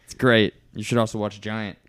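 A man's voice: fairly low pitch, level tone, normal speed, smooth. A man chatting casually on a podcast while watching a movie at home, making dry, teasing remarks. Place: living room at home.

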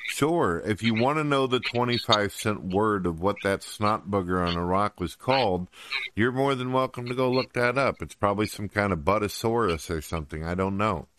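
A man's voice: on the low side, normal speed. A man hosting a casual podcast chat. He jokes a lot and slips into silly quoted voices. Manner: animated, jokey, puts on silly quoted voices. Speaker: podcast host. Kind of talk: casual conversation.

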